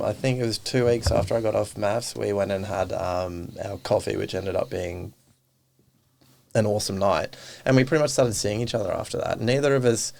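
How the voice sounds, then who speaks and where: A man's voice: lowish voice, gravelly. A man, a podcast guest, chatting casually and animatedly, acting out bits of dialogue as he tells his stories. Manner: animated storyteller who acts out quoted dialogue. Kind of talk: casual interview chat.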